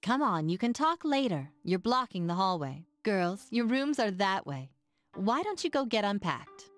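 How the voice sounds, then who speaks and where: A woman voicing a stern teacher in a video game who briskly orders students along. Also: medium pitch, sing-song, no room sound, soft background music, lightly acted. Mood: impatient. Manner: brisk, bossy. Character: stern adult female teacher. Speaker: teacher chaperone on a school trip. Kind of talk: game voice acting.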